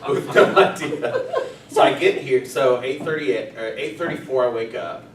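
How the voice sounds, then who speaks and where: A man, a pastor, telling a funny story to a group in a casual, animated way with bursts of laughter. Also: medium pitch, normal speed, slight background noise. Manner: animated, laughing storyteller who acts out quotes. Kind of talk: casual anecdote told to a group. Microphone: distant room mic. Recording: echoey room, mic far off, chattering group.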